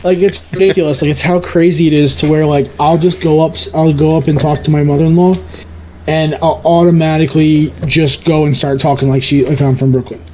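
A man's voice: on the high side, level tone, a little fast, dark tone, a little hiss or hum, poor audio. A man in his thirties with a subtle New York accent, chatting casually as a podcast guest, rambling with frequent restarts. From New York area, outside the city. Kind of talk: casual chat.

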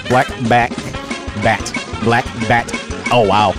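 A man's voice: medium pitch, fairly even intonation, slow pace, music in the background. A man co-hosting a podcast in casual chat, goofy and joking as he tries tongue twisters. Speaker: podcast co-host.

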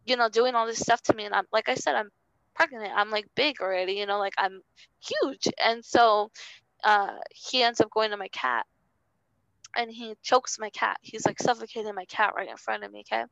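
A young woman speaking in an interview with a gravelly, fry-edged voice that still sounds smooth and full. She talks haltingly and earnestly, restarting phrases and leaning on fillers. The sound is close and dry. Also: fairly high pitch, fairly even intonation, fairly bright tone, dry recording, highs cut off. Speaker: interview guest. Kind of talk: personal testimony in conversation.

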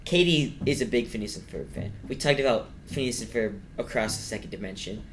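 A man's voice: medium pitch, fairly quick. Young male podcast co-host, rambling casual chat, mid-range voice, faint hiss. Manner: rambling, chatty, trails off mid-sentence.

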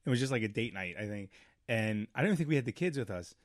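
A man's voice: on the low side, fast, no room sound, clean studio sound. A middle-aged man co-hosting a casual podcast chat, telling stories with lots of restarts and acting out the lines he quotes. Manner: animated storyteller, acts out movie lines, rambling restarts. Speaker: podcast co-host.

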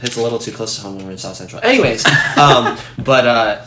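A young man co-hosting a podcast in casual chat, rambling through animated explanations full of "like". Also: medium pitch, a little fast. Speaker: podcast co-host. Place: room in a home. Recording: echoey room with steady noise.

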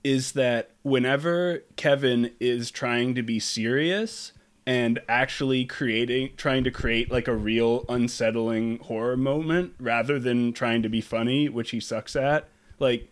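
A man's voice: mid-range voice, unhurried, clear, resonant tone. A man chatting casually about a movie, blunt and profane, rambling with lots of restarts. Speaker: podcast co-host. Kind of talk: casual film review chat.

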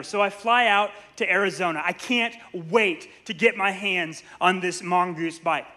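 A man in his thirties preaches in a church, his voice high and forceful. He tells stories with animated energy and throws playful asides to the room. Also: measured pace, few pauses. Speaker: pastor. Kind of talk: sermon. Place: church sanctuary.

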